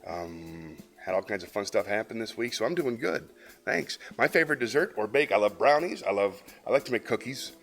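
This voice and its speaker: A man's voice: on the low side, lively intonation, fairly quick, fairly bright tone. A man hosting a live stream, chatting casually with viewers and joking about their comments in a playful way. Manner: playful, jokey, reads chat comments aloud. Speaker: host of a live variety stream.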